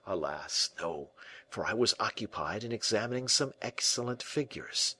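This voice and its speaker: A man voicing a timid young playwright who speaks softly, often in a hush, evasive and protesting, in an audiobook reading. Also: fairly low pitch, lively intonation, moderate pace, breathy edge, heavily acted. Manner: soft, whispering, evasive.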